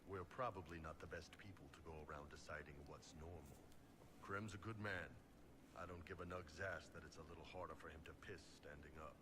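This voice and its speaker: A towering horned mercenary chief, voiced by a man speaks in a very deep, rumbling voice with blunt, dry humor. The game audio sits under a steady hiss of background noise. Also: brisk, natural voice. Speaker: video game character.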